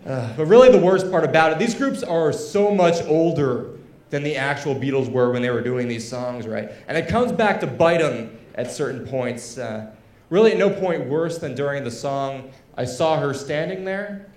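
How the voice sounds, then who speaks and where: Stand-up comic in an echoey room. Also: male voice, on the high side, expressive, normal speed, darkish tone. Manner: conversational, lots of fillers and asides. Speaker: stand-up comedian. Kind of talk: stand-up comedy set.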